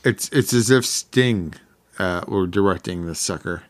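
A man talks on a casual podcast with a lowish voice. He is laid-back and hesitant and often restarts his sentences while he thinks. The chat is relaxed and unscripted. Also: a little slow. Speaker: podcast co-host.

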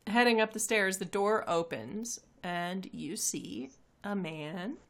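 A woman's voice: mid-range voice, animated, takes it slowly, creaky. A woman narrating a tabletop game as game master, hesitant and full of fillers.

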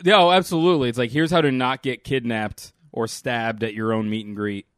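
A man's voice: mid-range voice, fairly even intonation, fairly quick, a bit bright, smooth, no room sound, studio quality. A man co-hosting a podcast, telling stories in easygoing casual chat and laughing often. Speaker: podcast co-host.

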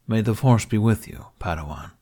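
A man voicing a calm, proud male Jedi master with a baritone voice. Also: normal speed.

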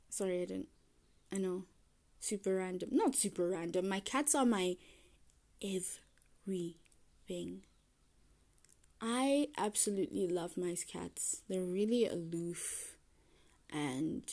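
A young woman hosts a solo podcast, her voice lowish and mellow. She rambles casually and meanders, trailing off, restarting, and correcting herself with a self-deprecating touch.

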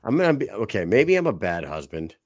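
Lively profane man telling stories. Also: lowish voice, brisk. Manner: profane, animated storytelling. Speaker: podcast host. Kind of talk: casual chat.

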